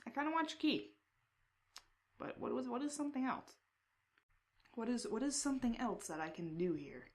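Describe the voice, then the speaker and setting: Woman, text adventure playthrough, reads aloud, excited outbursts. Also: fairly high pitch, moderate pace, long pauses. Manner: reads descriptions aloud, bursts into excited reactions. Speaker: player reading a text adventure. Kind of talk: casual game playthrough.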